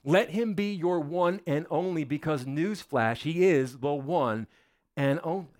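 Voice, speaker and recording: A man's voice: on the high side, unhurried, a little mellow. A man preaching a sermon as a pastor, dramatic and emphatic, with rhetorical questions and repetition.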